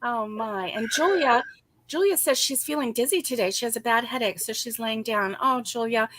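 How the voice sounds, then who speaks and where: A woman's voice: a little high, normal speed, fairly bright tone, no room sound. A woman co-hosting a casual crochet-along, chatty and giggly as she greets viewers by name. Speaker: crochet co-host.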